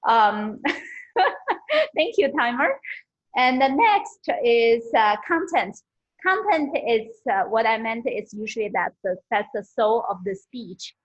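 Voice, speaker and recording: A woman giving a friendly, halting speech evaluation at an online club meeting, with many fillers, over a video call. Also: fairly high pitch, sing-song, breathy edge. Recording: dull lo-fi video call audio.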